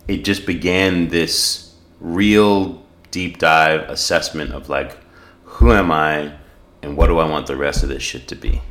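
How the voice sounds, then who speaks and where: A man's voice: a bass voice, fairly bright tone. A middle-aged man from South Africa, a podcast guest, telling a personal story in an earnest, reflective way, with many fillers and restarts. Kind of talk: storytelling in casual conversation.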